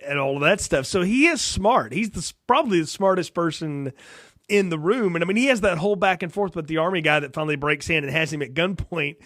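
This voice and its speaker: Fields: Sex: man. Role: podcast co-host. Style: casual film review chat. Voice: high. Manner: animated, laughing, acts out lines. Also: fast talker, no room sound, clean studio sound.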